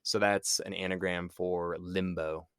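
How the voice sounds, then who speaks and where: A man co-hosting a podcast, chatting casually about movies, animated, acting out quotes and swearing casually. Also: low-pitched, measured pace, clean tone, no room sound, clean studio sound. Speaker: podcast co-host.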